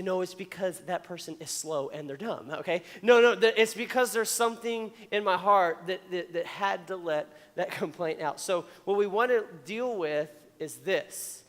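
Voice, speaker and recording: High-voiced man preaching in reverberant hall. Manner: animated, chatty, playfully acts out complainers. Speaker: youth pastor. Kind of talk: youth sermon. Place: church auditorium.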